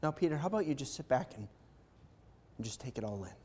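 A male pastor preaching an animated sermon, swinging from quiet reflection to loud excitement. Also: mid-range voice, fast, slightly rough.

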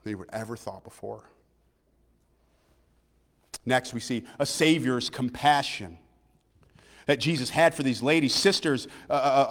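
A man, preaching a sermon to a church, swinging between loud preaching and hushed, quiet lines. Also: fairly high pitch, big-room sound. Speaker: pastor.

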